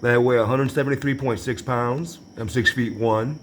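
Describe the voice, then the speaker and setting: A man with a mid-range voice talks his way through a relaxed home tour, his delivery dry and sarcastic. A faint hum of room ambience sits under his voice. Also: medium pitch, normal speed. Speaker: vlogger. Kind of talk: casual home tour narration.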